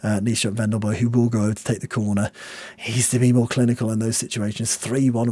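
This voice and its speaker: A young man commentating a football management game, swinging between nervous mutters and loud excited outbursts. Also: lowish voice, quick pace, no room sound. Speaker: game streamer.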